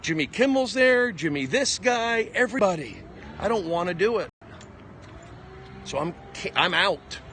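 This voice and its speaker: A male comedian ranting in a rambling live stream monologue, combative, with jumpy pitch, recorded on a phone outdoors on a city walk. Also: expressive, measured pace, pauses often, pushed and bright, slight background noise. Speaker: comedian livestreaming. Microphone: phone at arm's length.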